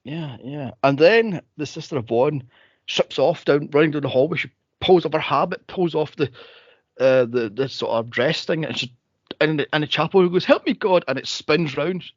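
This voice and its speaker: A man co-hosting a casual movie podcast, telling stories and acting out scenes with sudden high squeals. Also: normal speed, no room sound, dull audio. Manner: animated storyteller, acts out scenes in high squeals. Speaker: podcast co-host.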